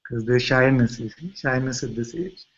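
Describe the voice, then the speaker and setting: Gentle Indian-accented man teaching. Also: medium pitch, moderate pace, breathy edge, muffled recording. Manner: gentle, asks rhetorical questions. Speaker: spiritual teacher. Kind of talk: satsang talk and video-call chat.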